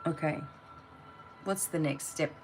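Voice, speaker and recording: Low-voiced blunt woman reading tarot. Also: slow pace, background noise. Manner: blunt, motivating, speaks straight to the viewer. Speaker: tarot reader.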